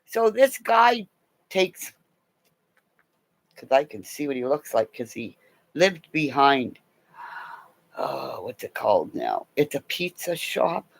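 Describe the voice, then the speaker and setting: A woman's voice: a bass voice, sing-song, slow, creaky, long pauses, no room sound. A middle-aged woman telling a meandering personal story in a casual way, laughing often and swearing freely.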